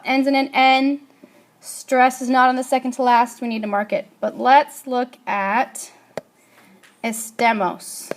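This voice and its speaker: A woman teaching a Spanish grammar lesson, asking her class questions and answering them herself. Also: high-pitched.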